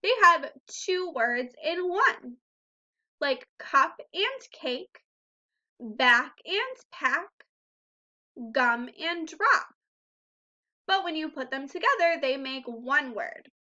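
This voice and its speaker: A woman teaching a phonics lesson to young children, speaking slowly and clearly and drawing out each sound. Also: high voice, expressive, sharp tone, dull audio. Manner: slow, clear, encouraging teacher talk with drawn-out sounds. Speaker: first grade teacher.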